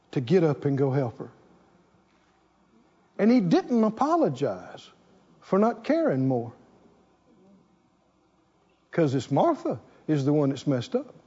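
Animated, husky-voiced male preacher. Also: high voice, highs cut off. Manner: animated, call-and-response preaching. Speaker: pastor. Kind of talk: sermon.

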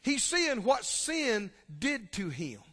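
A man preaching a sermon, impassioned, swinging between loud exclamations and quiet, low passages. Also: big pitch swings, slow pace. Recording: long hall reverb.

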